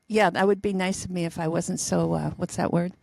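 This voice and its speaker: A woman's voice: fairly low pitch, steady tone, a little fast, gravelly, a little mellow, dry recording. A middle-aged woman co-hosting a podcast, joking about her own forgetfulness and asking short questions. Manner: forgetful, self-mocking, asks short questions. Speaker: podcast co-host. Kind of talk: casual chat.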